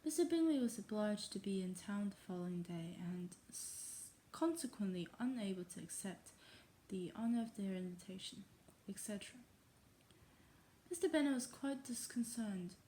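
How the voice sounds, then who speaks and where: In a lively, mellow mid-range voice at normal speed, a woman reads a novel aloud in a fake English accent. She frequently stumbles and stops for self-mocking asides, and there's slight background noise.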